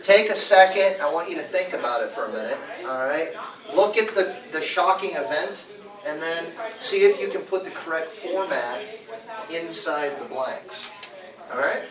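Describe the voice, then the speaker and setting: A man's voice: on the high side, normal speed, a crowd in the background. A man teaching English to a class, explaining grammar and drilling pronunciation with the students. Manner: drills pronunciation, stresses words, repeats phrases for class. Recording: echoey classroom from far off. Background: students talking.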